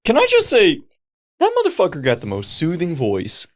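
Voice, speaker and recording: Animated, swearing podcast co-host. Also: medium pitch, moderate pace. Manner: profane, laughing, animated banter. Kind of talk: casual chat.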